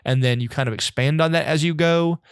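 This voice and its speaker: A man's voice: a little high, brisk, clear, resonant tone, dry recording, studio quality. A man as a podcast guest in casual chat, rambling and self-deprecating, laughing often. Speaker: guest on a video game podcast.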